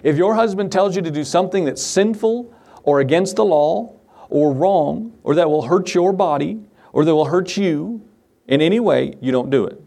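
A man's voice: fairly high pitch, expressive, moderate pace, creaky, dark tone. Folksy man preaching a sermon. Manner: folksy, conversational preaching with asides and chuckles. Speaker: pastor.

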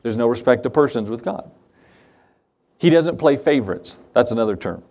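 A man's voice: medium pitch, lively intonation, normal speed, a little mellow. A man pastor delivering a sermon, emphatic, posing questions and answering them himself. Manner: emphatic, asks and answers his own questions.

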